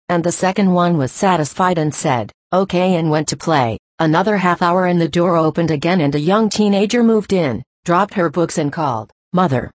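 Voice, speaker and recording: A woman reading a religious address aloud in an earnest, measured, exhorting manner. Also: on the low side, darkish tone, dry recording. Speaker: speaker reading a church address.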